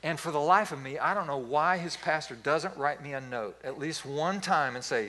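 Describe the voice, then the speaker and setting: Man, pastor, sermon, animated storytelling, forceful bright tone. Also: on the high side, normal speed, hardly any pauses, slight background noise.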